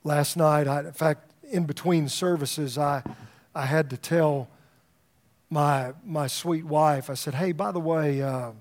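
Man, pastor, middle-aged, sermon, chatty storytelling, restarts words, fairly high voice. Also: steady tone, slow pace. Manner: conversational storytelling, repeats words when starting.

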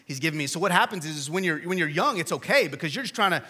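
A man in his thirties preaches with a high, bright voice. His delivery is casual and chatty, swinging from energetic emphasis to quiet, intimate asides. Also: fast, hardly any pauses, husky. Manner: conversational, swings from loud to hushed. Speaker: pastor. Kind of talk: sermon.

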